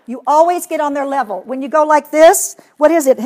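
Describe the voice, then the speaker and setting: A woman with a high voice leads a hands-on workshop for teachers. She talks in an animated way and slips into playful voices to show how children answer. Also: a little fast. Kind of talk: classroom workshop talk.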